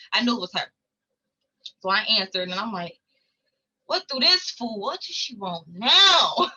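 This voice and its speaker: High-voiced woman vlogging, chatty storytime, kinda dull lo-fi audio. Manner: animated, chatty, addresses viewers as guys. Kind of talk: casual storytelling to camera.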